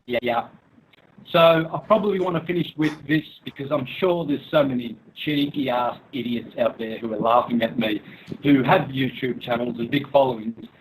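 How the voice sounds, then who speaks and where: A man's voice: mid-range voice, moderate pace, a little hiss or hum, low-quality recording. A man ranting angrily as a guest in an online interview, mocking, cursing and laughing scornfully, with threatening turns. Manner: menacing, threatening. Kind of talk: angry rant in an online interview.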